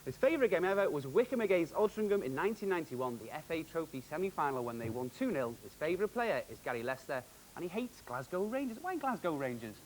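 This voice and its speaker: Male TV quizmaster, high and animated, jokey and brisk. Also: slight background noise, poor audio. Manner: jokey, upbeat, quick quizmaster delivery. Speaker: quiz show host. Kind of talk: televised quiz hosting.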